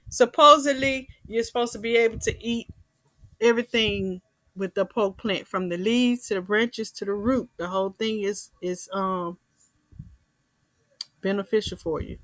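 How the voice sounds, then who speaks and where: A woman's voice: medium pitch, moderate pace, a bit bright, no echo, low-quality recording. A woman hosting a casual livestream, chatting, reading viewer comments aloud and laughing often. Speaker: livestream host.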